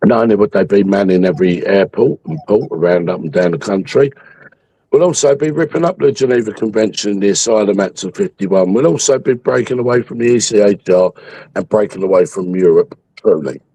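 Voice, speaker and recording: A man's voice: fairly low pitch, a little fast, dark tone, slightly rough, dry recording, poor audio. A man hosting a livestream, ranting angrily with heavy swearing about politics. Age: 60s. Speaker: livestream host. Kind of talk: heated political chat.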